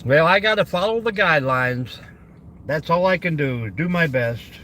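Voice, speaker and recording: A man's voice: a little high, lively intonation, normal speed, fairly bright tone, slight background noise. A man hosting a casual livestream about camping, rambling along and greeting viewers by name. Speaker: camping channel host.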